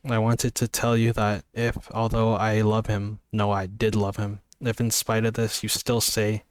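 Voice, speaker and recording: Man reading as a tearful young woman, pleading, halting, low flat voice, dry sound. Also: clean tone, dry recording, lightly acted. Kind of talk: amateur book reading.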